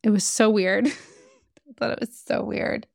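A woman co-hosting a podcast, chatting in a casual and animated way and swearing freely as she recaps reality TV. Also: medium pitch, unhurried, vocal fry, no room sound, clean studio sound. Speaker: podcast co-host.

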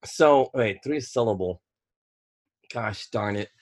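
A man's voice: lowish voice, takes it slowly. A man co-hosting a casual podcast chat, talking emphatically and rambling, often stalling to hunt for a word. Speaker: podcast co-host.

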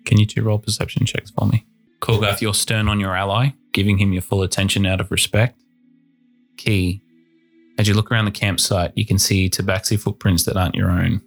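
A man's voice: lowish voice, little pitch movement, fairly quick, vocal fry, slightly rough, soft background music. A man narrating as game master of a tabletop game, describing scenes steadily.

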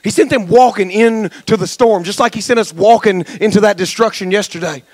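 A male pastor preaching a sermon, jumping from folksy jokes to shouted exhortation. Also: high-pitched, a little fast, no echo. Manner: passionate, swings from quiet asides to shouted exhortation; folksy, joking asides. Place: church sanctuary.

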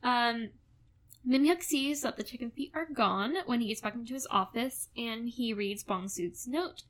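A woman's voice: fairly high pitch, normal speed, fairly bright tone. A woman co-hosting a casual podcast, recapping a drama episode in a chatty way, often laughing and saying "like". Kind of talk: casual chat.

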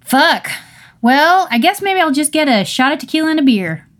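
High, exasperated sweary woman. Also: very animated, normal speed. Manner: exasperated, profane, sarcastic. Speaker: improv player. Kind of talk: improvised comedic role-play.

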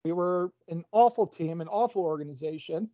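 A man's voice: on the high side, fairly quick, no echo, highs cut off. A man, a podcast guest, chatting casually about sports, rambling and restarting his phrases.

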